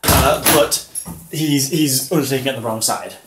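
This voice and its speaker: A man's voice: medium pitch, normal speed, fairly bright tone, low-quality recording. A young man vlogging from his car, rambling and self-deprecating, with casual swearing. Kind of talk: casual driving vlog monologue. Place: inside a car while driving. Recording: car interior with road noise.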